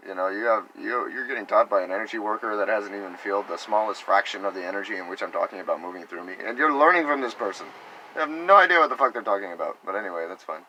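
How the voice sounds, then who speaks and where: Deep gravelly man musing on energy. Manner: musing, animated, acts out imagined conversations. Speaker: vlogger talking about energy healing. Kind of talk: rambling spiritual monologue.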